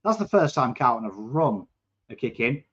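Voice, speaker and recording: A man's voice: medium pitch, moderate pace. An English man with a coarse accent, hosting a live football watchalong, chatting and reacting to play. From England. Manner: chatty, excitable, swears, bursts into shouts at play. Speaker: watchalong host. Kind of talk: live football watchalong chat, reading viewer comments. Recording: dull lo-fi stream audio.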